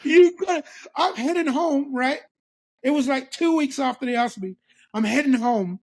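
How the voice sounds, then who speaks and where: A very high voice at a moderate pace belongs to a middle-aged man from England. Guesting on a casual interview, he spins an animated tale, laughing often and performing the other people's voices.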